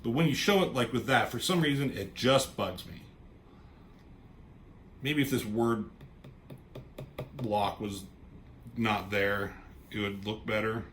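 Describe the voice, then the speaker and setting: A man's voice: fairly low pitch, takes it slowly, long pauses, fairly bright tone, slight background noise. A man reviewing a comic book in casual, rambling chat, swearing offhandedly and trailing off into asides.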